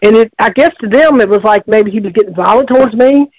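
High-voiced man rambling on a call-in. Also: fast, darkish tone, no echo, muffled recording. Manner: folksy, repetitive, lots of restarts. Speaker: radio show caller. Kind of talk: rambling casual storytelling.

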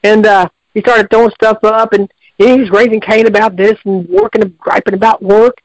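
A man's voice: high-pitched, flat delivery, moderate pace, no echo, muffled recording. A man calling in to a radio show, telling a long story in a rambling, folksy way with many restarts. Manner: folksy, repetitive, lots of restarts.

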